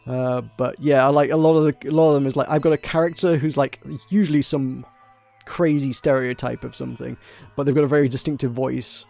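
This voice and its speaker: A man's voice: mid-range voice, fairly even intonation, brisk, vocal fry, a little mellow, soft background music. A man hosting a let's play, chatting casually and self-deprecatingly between lines. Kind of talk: casual game commentary.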